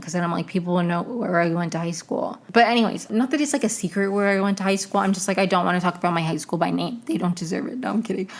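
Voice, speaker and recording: A young woman hosting a podcast, recapping a TV episode in a rambling, chatty way full of tangents and self-corrections. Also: lowish voice. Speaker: podcast host.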